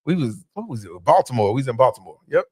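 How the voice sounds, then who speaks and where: A man's voice: medium pitch, big pitch swings, fast talker, darkish tone, slightly rough, dry recording, studio quality. A man, a comedian guest chatting casually on a podcast with lots of fillers and jokes. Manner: laid-back, joking, many fillers.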